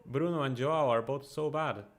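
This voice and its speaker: A man hosts a football watchalong in a mid-range voice that is neither high nor low. He talks through the match in casual live commentary, excitable and chatty. He often fills pauses with ums and uhs. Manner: excitable, chatty, with frequent fillers.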